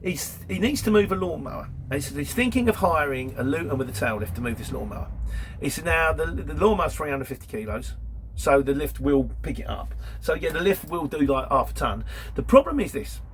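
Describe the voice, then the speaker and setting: Quick and lively in intonation, this man in his 50s has a voice on the high side. He tells chatty anecdotes about his courier driving work in a casual Q&A, laughing between stories, over a little hiss or hum.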